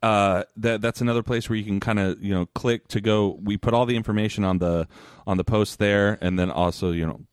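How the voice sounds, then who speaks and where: A man's voice: on the low side, steady tone, brisk, smooth, no echo, studio quality. A man hosting a podcast, chatting casually in an upbeat, jokey way. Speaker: podcast host and audiobook narrator. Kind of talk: casual chat.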